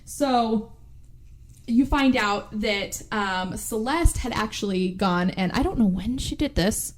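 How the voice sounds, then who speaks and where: Woman podcast host, fairly high voice, lively casual recap, acts out lines, swears a lot. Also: slow pace, a little hiss or hum. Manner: animated storytelling, acts out characters' lines, swears freely. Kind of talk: casual chat recapping a movie.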